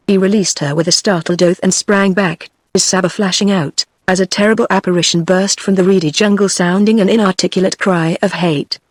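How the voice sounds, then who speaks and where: A woman's voice: fairly low pitch, dry recording. Dry synthetic British woman narrating. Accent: British English. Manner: steady, even text-to-speech delivery. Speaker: audiobook narrator.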